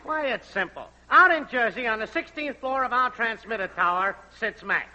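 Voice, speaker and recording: A man playing a brash, wisecracking network technician in a 1940s radio comedy, with loud wise-guy patter. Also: very high-pitched, animated, moderate pace, exaggerated voice. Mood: cocky. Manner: loud brassy wise-guy patter, repeats a singsong test call. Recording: dull old radio broadcast with faint hiss.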